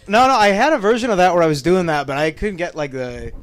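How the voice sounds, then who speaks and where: American comic guy, high voice, laughs through everything. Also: expressive, fast talker. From United States. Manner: laughing, rambling, playful. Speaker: stand-up comedian. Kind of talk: post-set comedy banter. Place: live comedy show.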